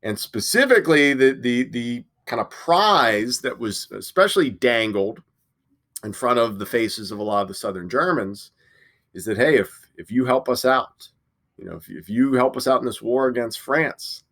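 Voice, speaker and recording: A man's voice: medium pitch, lively intonation, moderate pace, a bit bright. Casual man giving a history lecture. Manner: casual, filler-heavy, frequent restarts. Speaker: history teacher. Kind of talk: classroom lecture.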